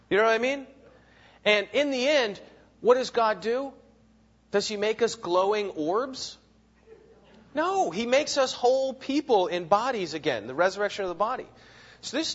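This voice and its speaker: Male Bible teacher, emphatic lecturer, fairly high voice, dull lo-fi recording. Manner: animated, emphatic, repeats words and asks "right?". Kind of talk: classroom lecture with readings.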